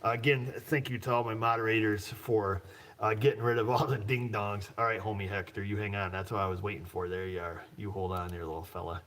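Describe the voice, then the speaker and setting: A man's voice: fairly low pitch, steady tone, fairly quick, a bit bright. A man hosting a livestream as a mechanic, talking in a loose, jokey, rambling way and chuckling often. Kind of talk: casual livestream chat.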